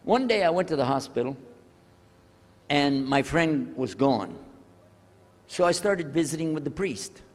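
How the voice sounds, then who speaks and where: An older man telling a personal story to an audience, animated and acting out the people in it. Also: a little high, measured pace, long pauses. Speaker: speaker telling his conversion story. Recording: echoey hall.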